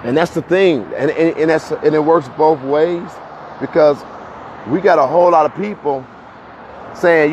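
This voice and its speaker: The phone recording is dull and lo-fi, with faint street noise, as a fairly high-voiced livestream host talks to viewers at a measured pace. Slightly breathless from walking uphill outdoors, he stays animated, often repeating words and laughing between points.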